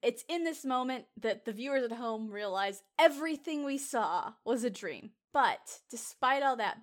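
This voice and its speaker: A woman with a slightly high voice co-hosts a casual podcast. She talks with eager enthusiasm, restarting sentences and laughing between thoughts. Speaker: podcast co-host. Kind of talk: casual chat.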